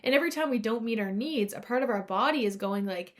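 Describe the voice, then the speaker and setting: Earnest woman podcast host, slightly high. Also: expressive, fast, few pauses. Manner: earnest, confessional, speaks to listeners directly. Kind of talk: personal reflective podcast talk.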